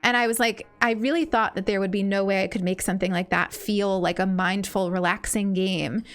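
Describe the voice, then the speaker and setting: A young woman streaming a cozy game, chatting gently and warmly greeting viewers, often saying things twice. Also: medium pitch, steady tone, fairly quick. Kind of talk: cozy casual chat while gaming. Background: faint game music.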